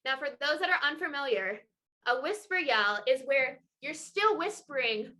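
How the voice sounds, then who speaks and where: A bright, high-pitched young woman leads children through a lively movement lesson over a video call. She sounds energetic, encouraging and playful. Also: moderate pace. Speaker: children's water festival educator. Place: home, indoors.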